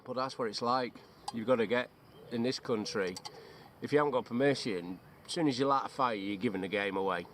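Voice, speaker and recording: A man's voice: fairly quick, a bit bright, a little hiss or hum. A man with a Runcorn accent, a veteran joking and swearing freely in casual banter outdoors in the woods. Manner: joking, swears freely, bursts into high silly chants. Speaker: bushcraft veteran. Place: outdoors in woodland.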